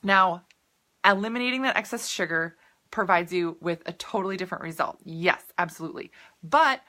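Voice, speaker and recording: A woman nutrition coach with a bright, forward voice chats casually on a live video. She is upbeat and laughs easily, drifting into tangents as she answers viewers. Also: lowish voice, a little fast.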